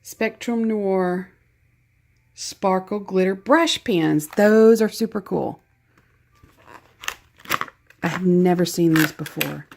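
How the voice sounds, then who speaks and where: A woman's voice: on the low side, takes it slowly, vocal fry, pauses often, a little mellow, a little hiss or hum. A woman with a Southern US accent chatting casually as she opens a craft gift package, gushing and laughing at herself. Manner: gushing, self-deprecating, chatty. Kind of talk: casual unboxing chat.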